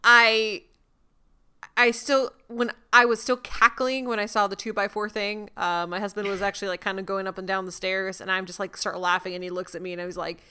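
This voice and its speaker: A woman's voice: mid-range voice, level tone, fairly quick, pushed and bright, smooth. A young woman co-hosting a podcast in casual chat, upbeat and playful as she wraps things up. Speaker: podcast co-host.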